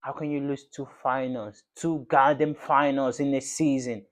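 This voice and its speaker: A man's voice: mid-range voice, steady tone, moderate pace, hardly any pauses. A man hosting his football fan channel, delivering a passionate, repetitive reaction rant to the camera in slangy everyday speech.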